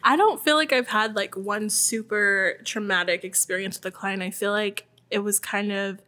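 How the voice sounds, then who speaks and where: A woman's voice: medium pitch, steady tone, moderate pace, sharp tone. A woman nail tech telling stories on a podcast in a loose, chatty way, laughing often and swearing freely. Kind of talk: casual podcast storytelling.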